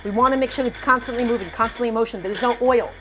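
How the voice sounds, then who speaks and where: A woman with a fairly high voice runs a live cooking stream from her home kitchen. She speaks with emphatic, animated energy, often repeating her instructions. Faint music plays softly underneath her voice. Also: very fast. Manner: emphatic and animated, repeats herself, calls viewers "my friends". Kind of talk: live cooking demonstration, chatting with viewers.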